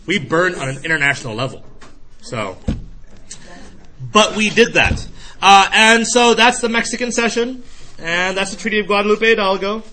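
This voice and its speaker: A man lectures a history class with a bright, forceful voice that sits a bit high for a man. He is animated and playful, jumping into quick character voices for his analogies and now and then calling out to the class. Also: a little hiss or hum. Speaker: history teacher.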